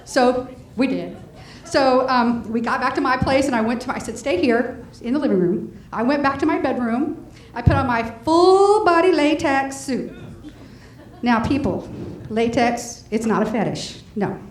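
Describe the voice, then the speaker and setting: Brash, high-pitched middle-aged woman comic doing a bawdy club set, echoey room. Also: lively intonation, unhurried, distant mic. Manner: bawdy, brash punchline delivery. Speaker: stand-up comedian. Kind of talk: stand-up comedy set. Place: comedy club stage. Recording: echoey club with faint noise.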